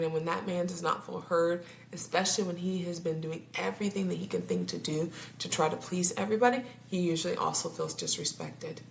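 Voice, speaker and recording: A couples therapist with a low, creaky voice talks casually to her viewers on camera, laughing often and tripping over her words. The recording has a roomy echo and a faint background hum.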